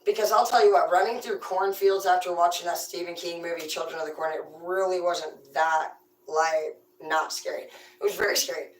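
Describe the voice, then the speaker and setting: A woman telling profane, rambling comedic stories about growing up on a farm, in a loose, animated way. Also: lowish voice, moderate pace, distant mic, a little hiss or hum. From rural farm upbringing. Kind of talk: casual comedic storytelling. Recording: roomy, away from the mic.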